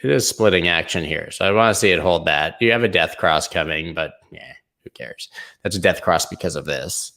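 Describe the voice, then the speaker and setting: A man's voice: low-pitched, a little fast, vocal fry, fairly bright tone. A man hosting a live crypto stream, talking casually and loosely over price charts with slang and asides. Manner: loose, rambling, slangy, hums and sings snippets. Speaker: crypto show host.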